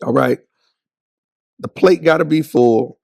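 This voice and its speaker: A middle-aged man with a gravelly, creaky voice tells his story as a podcast guest, using slang and acting out quoted lines. The sound is dry and close. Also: a little high, slow, darkish tone, no room sound. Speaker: podcast guest, cycling specialist. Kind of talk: casual storytelling interview.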